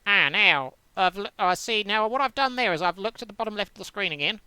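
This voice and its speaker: A man's voice: high voice, lively intonation, brisk, sharp tone, clean tone, dry recording. A man giving casual commentary while playing solitaire, rambling and self-interrupting as he muses aloud with dry, playful wordplay. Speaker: host playing solitaire on screen.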